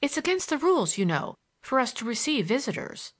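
A teasing young woman chatters at a quick, breathless clip, mocking and light, as a woman reader voices her. Her voice leaps high and swings widely from phrase to phrase. It is an audiobook character with a lively lilt.

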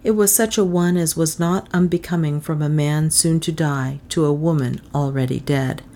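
A woman reading a classic novel aloud as an audiobook narrator, in a measured, even storytelling manner. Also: sits low.

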